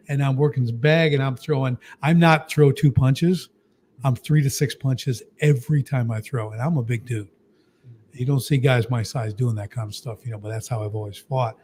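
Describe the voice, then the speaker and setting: Middle-aged male guest, lively storyteller, loose, filler-heavy chat. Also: mid-range voice, slight background noise. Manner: animated, lots of "you know" and "like". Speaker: guest, business coach. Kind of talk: storytelling interview talk.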